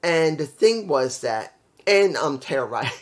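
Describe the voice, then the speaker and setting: A man's voice: fairly high pitch, lively intonation, measured pace. Emphatic rambling young man. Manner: rambling, emphatic, repeats points. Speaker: wrestling show reviewer. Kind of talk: casual solo review.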